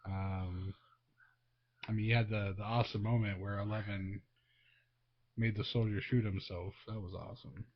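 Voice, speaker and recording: A man's voice: lowish voice, normal speed, long pauses. A man co-hosting a casual movie review podcast as a father, easygoing and asking clarifying questions. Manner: relaxed, affirming, asks clarifying questions. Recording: dull lo-fi recording.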